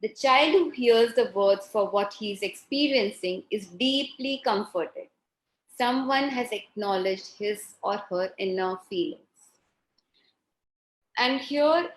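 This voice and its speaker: A middle-aged woman leads a parenting workshop in a fairly high voice, turning to her listeners with questions. She acts out little exchanges between parent and child as she teaches. The sound carries the echo of a reverberant room. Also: unhurried. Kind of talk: live workshop lesson.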